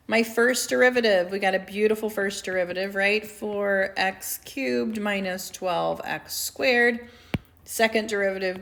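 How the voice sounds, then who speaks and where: A woman's voice: medium pitch, a bit bright, a little hiss or hum. A woman teacher giving a recorded calculus lecture in a classroom, chatty and prone to asking "right?" with dry sarcastic asides. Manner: conversational, asks for agreement with "right?". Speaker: math teacher. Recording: echoey room.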